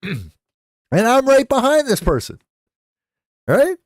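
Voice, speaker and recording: Animated, slow-talking man streaming. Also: very high voice, dry recording, studio quality. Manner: swears freely, animated, slips into voices for quotes. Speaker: live streamer. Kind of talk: casual storytelling on stream.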